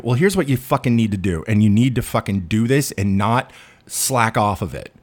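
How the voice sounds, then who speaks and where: Swearing, animated male podcast ranter. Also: on the low side, a little fast. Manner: profane, self-deprecating, emphatic. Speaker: podcast host. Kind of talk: profane monologue rant.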